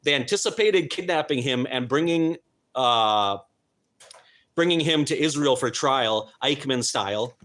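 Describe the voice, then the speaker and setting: A man's voice: mid-range voice, expressive, measured pace, fairly bright tone. A man hosting a live stream, talking in an earnest, emphatic way and stumbling now and then over names and words. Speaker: host.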